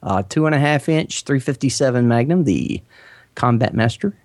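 A man in his forties with a Southern US accent, a guest on a podcast, chatting casually and rambling with many fillers and pauses. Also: medium pitch, animated, no room sound. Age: 40s. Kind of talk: casual interview chat.

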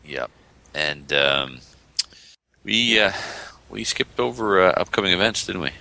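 A man's voice: low-pitched, expressive, unhurried, gravelly, bright, forceful tone. A man, co-hosting a podcast in casual, teasing banter. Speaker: podcast co-host.

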